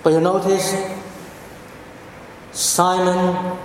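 Male pastor, sermon delivery, unhurried and deliberate, quiet ambience, roomy echoing church sound. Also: little pitch movement, slight background noise. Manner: slow and deliberate, dropping low and soft for quoted words. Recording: echoey hall with long reverb.

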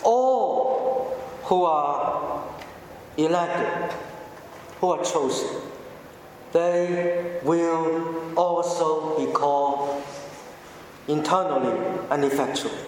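A man preaching a sermon with a measured, emphatic delivery and deliberate pauses, recorded in a church. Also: fairly high pitch, darkish tone, slight background noise. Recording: echoey hall, heard from a distance.

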